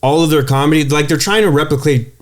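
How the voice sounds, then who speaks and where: A man's voice: a little high, fast. A man co-hosting a podcast in casual chat, hesitant and searching for his words. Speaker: podcast co-host.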